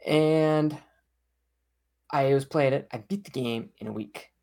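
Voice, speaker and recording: Gravelly gamer telling a story. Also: male voice, mid-range voice, slow. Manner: animated storytelling. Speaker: podcast co-host. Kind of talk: casual chat.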